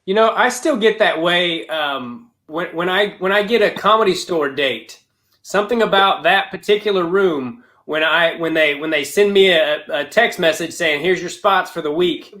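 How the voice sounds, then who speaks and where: Male comic host with a high voice, loose rambling delivery, chuckling at his own stories. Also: moderate pace, sharp tone. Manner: rambling, frequent restarts, laughs at himself. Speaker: comedian and podcast host. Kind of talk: casual podcast chat.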